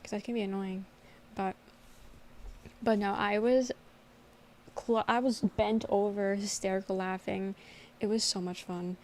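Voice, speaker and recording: A young woman streamer telling a story in a casual livestream chat, animated and laughing often. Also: mid-range voice, a little slow, long pauses.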